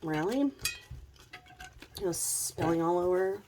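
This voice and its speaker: Gravelly woman w covid rambling on, blunt and sweary, kinda low voice. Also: lively intonation, takes it slowly, noisy background. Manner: chatty, blunt, swears freely. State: sick with covid. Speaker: true crime commentary host. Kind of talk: casual rambling commentary.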